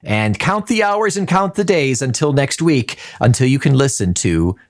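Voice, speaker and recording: A man's voice: mid-range voice, very animated, moderate pace, background noise. Bemused male podcast co-host. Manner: bemused, hesitant, filler-heavy. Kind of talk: casual podcast chat.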